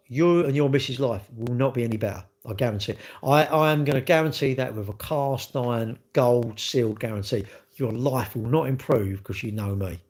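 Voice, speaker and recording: A man's voice: mid-range voice, darkish tone. A man on a live stream, answering chat comments bluntly in a rambling way, full of restarts and rhetorical questions.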